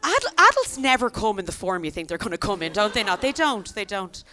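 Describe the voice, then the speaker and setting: A woman's voice: mid-range voice, big pitch swings, quick pace, pushed and bright, soft background music. A young Irish woman performing a stand-up comedy set, telling stories in a chatty way with lots of tag questions. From Ireland. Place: comedy venue stage.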